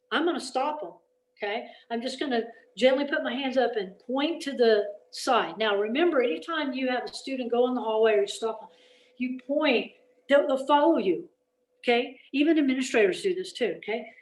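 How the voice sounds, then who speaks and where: A woman giving a lively teacher-training workshop in a folksy, emphatic way, often checking in with "okay?". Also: medium pitch. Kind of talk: energetic classroom-management talk. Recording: echoey room.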